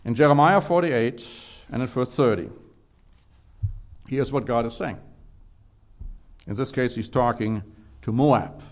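A man's voice: medium pitch, unhurried, pauses often. A man preaching a sermon, emphatic, reading scripture aloud and stressing key words.

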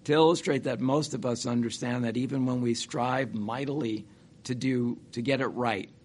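A man giving a sermon in an earnest, halting way, asking rhetorical questions and restarting phrases. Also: medium pitch, steady tone, darkish tone. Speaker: church speaker.

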